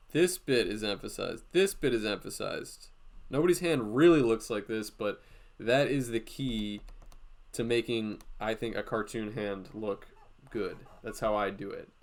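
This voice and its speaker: Gravelly-voiced man teaching drawing. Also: lowish voice. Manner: thinks aloud, step-by-step, frequent "like" fillers. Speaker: drawing instructor streaming a class. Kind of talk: casual live drawing tutorial.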